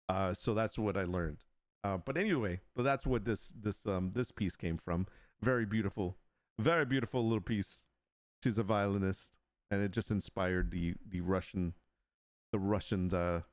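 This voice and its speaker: Lively, joking man on a dry mic. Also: no echo. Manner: joking, laughs often, playful mock sales pitches. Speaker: livestream host and digital artist. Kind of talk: casual live stream chat.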